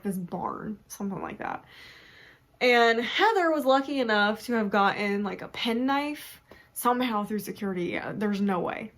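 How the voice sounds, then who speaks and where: A young adult woman reviewing a book in casual chat, animated and chatty, who often laughs and acts out her own reactions. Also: on the high side.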